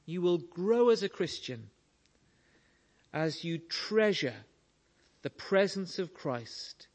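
Slow, earnest male preacher. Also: high-pitched, very animated. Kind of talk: sermon.

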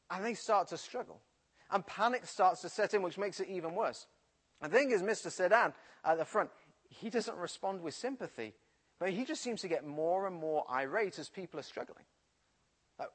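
A man's voice: high-pitched, normal speed, breathy edge. A man from the English Midlands with a Midlands accent, preaching and telling a personal story from his school days. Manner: storytelling, animated retelling.

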